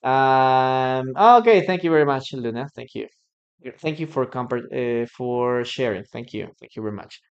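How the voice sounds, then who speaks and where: In a live online English lesson, a Peruvian teacher whose native language is Spanish speaks with a Peruvian Spanish accent. Her mid-range voice moves at a moderate pace, and the audio sounds dull. She repeats words to drill pronunciation and frequently thanks her viewers.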